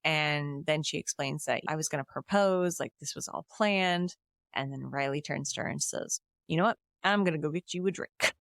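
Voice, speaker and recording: Woman podcast co-host, lowish voice, chatty plot recap with laughs, dry close mic. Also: moderate pace, creaky, no room sound. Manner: lively retelling with laughs and quoted lines. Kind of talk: casual chat, plot recap.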